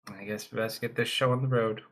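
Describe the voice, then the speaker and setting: A man voicing a formal, fussy male guildmaster in a tabletop game, halting with many ums and uhs. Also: mid-range voice, fairly even intonation, a bit bright. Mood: brisk.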